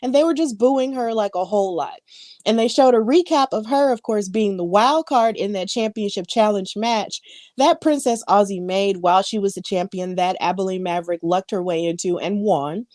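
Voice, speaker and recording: A woman's voice: medium pitch, normal speed, darkish tone, no room sound, studio quality. A woman co-hosting a podcast, recapping wrestling in a chatty way with lots of fillers and asides. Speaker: podcast co-host. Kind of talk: casual wrestling recap chat.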